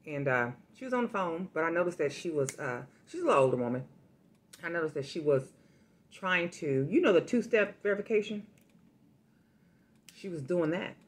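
A woman food vlogger with a fairly low voice, chatting straight to her viewers. She tells stories in an animated, familiar way, like she's catching up with friends. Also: normal speed, long pauses. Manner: chatty, addresses viewers directly, animated storytelling. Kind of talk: casual eating vlog with storytime.

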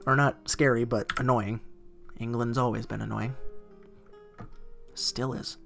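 A man's voice: medium pitch, level tone, unhurried, vocal fry, fairly bright tone, faint music behind. A man giving let's play commentary, chatting to himself and joking in asides while he plays. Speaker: gaming commentator.

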